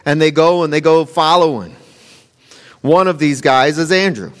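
A man, a pastor, giving a conversational sermon, animated and repeating his phrases. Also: on the high side, normal speed. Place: church sanctuary. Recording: long reverb of a large hall.

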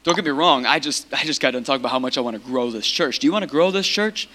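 A man preaching a sermon as pastor of his church, impassioned and repetitive, building to shouted peaks. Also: medium pitch, animated, quick pace.

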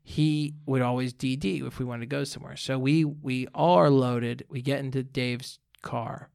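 A man's voice: mid-range voice, normal speed, gravelly, clear, resonant tone. A young man telling a rambling college story in casual chat, full of "like" and acted-out dialogue. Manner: rambling, animated storyteller with lots of "like".

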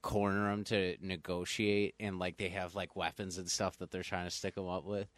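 A low-pitched man in relaxed podcast talk, wandering through his points with plenty of ums and likes. The sound is dry and close, with no room around him. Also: normal speed, dry recording. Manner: relaxed, rambling with many fillers. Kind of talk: casual chat.

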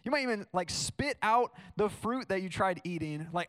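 A man's voice: high-pitched, lively intonation, normal speed, few pauses. A young man preaching a sermon in a casual, storytelling way, full of "like" fillers. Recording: long hall reverb.

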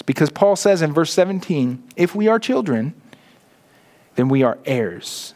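A man preaching a sermon as a pastor, earnest, often slowing and dropping his voice low to stress a phrase. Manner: earnest preaching, slows and drops low for emphasis.

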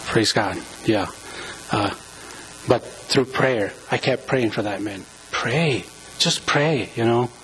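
A man giving an informal sermon in a church, speaking earnestly and emotionally, close to tears, with many halting restarts and fillers. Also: medium pitch, a bit bright, rough recording. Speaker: church member preaching. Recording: mains hum under the voice.

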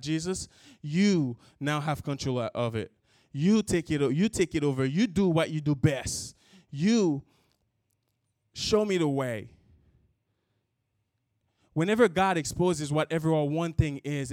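A man's voice: a little high, a little mellow, no echo. A young man giving an earnest sermon testimony, repeating and restarting his words as he builds toward an impassioned close. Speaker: church speaker.

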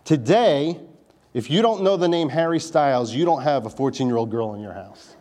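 A man's voice: medium pitch, expressive, normal speed, mellow. A man preaching a sermon in a conversational style, with wry asides to the congregation. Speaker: pastor.

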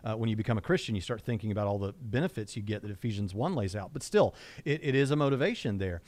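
A middle-aged man from Southwest Indiana, co-hosting a casual discussion and turning animated when he quotes others. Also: lowish voice, quick pace. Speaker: co-host.

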